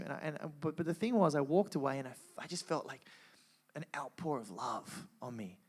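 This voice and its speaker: A man telling an emotional personal testimony to a live audience, earnest and animated, with frequent restarts. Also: fairly high pitch, a little fast. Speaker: guest speaker sharing testimony.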